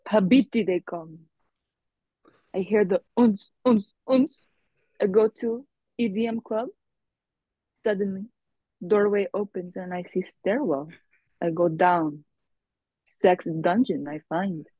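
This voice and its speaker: A playful young woman chats with friends in a dry, close-sounding room. She giggles often and drifts into joking accents. Her pitch sits in the middle of the range. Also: fairly even intonation, a little slow, long pauses, mellow, husky, dry recording, highs cut off. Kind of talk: casual chat with a put-on Russian accent bit.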